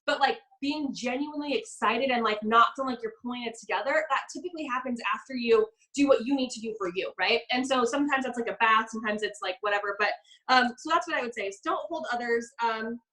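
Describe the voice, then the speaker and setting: Young woman, high voice, quick pace, bubbly coach, animated storytelling. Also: low-quality recording. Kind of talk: live business coaching session.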